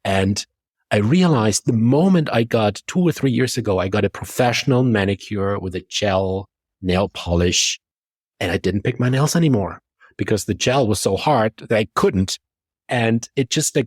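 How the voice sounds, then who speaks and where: A man with a German accent, a confidence coach talking as a podcast guest and telling lively stories that act out his own thoughts. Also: lowish voice, normal speed, breathy edge, no echo. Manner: lively storytelling, acts out quoted thoughts. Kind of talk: conversational podcast discussion.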